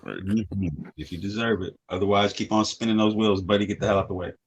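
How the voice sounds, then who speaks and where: A man's voice: fairly low pitch, steady tone, fairly quick, muffled recording, a little hiss or hum. A man co-hosting a radio show, joking around and repeating lines for emphasis. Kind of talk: casual profane chat.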